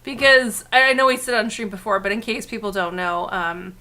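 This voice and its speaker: A woman co-hosting a casual chat, swearing freely and breaking into loud shrieks and outbursts. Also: mid-range voice, fairly quick, background noise. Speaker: co-host.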